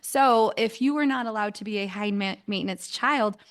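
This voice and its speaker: A woman's voice: mid-range voice, moderate pace. A woman with young children talks in an easygoing podcast conversation. She speaks earnestly and thoughtfully, reflecting on her own parenting, and keeps the exchange going with frequent murmurs of agreement.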